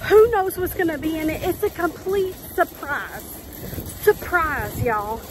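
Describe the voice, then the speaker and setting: Lady vlogging in a parking lot, squealy high voice, gushy and excitable, lots of background noise. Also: measured pace. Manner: excitable, gushing exclamations. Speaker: couponing channel host. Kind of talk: casual vlog chat.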